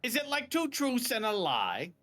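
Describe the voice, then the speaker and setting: A man's voice: very high-pitched, huge pitch swings, normal speed, sharp tone. A man joking around as a player in a tabletop game. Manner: joking, teasing. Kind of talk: casual tabletop play.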